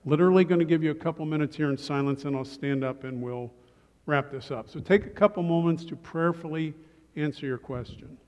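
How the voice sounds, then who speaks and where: Man, pastor, sermon, slightly high voice, joking asides, long reverb in a church hall. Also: fairly quick, lo-fi sound. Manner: relaxed, joking asides to the congregation. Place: church sanctuary.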